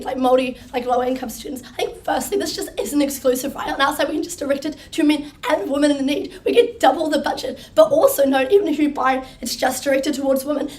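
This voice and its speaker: Hoarse, fast-talking teen girl debater. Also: sits high. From New Zealand. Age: teens. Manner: quick, punchy and wry. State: hoarse, losing her voice. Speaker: school debater. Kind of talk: competitive debate speech. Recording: distant room mic.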